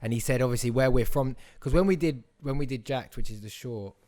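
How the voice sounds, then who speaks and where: A man's voice: medium pitch, brisk, mellow. A young man, an actor guest in a casual podcast chat who rambles, restarts often and acts out quotes.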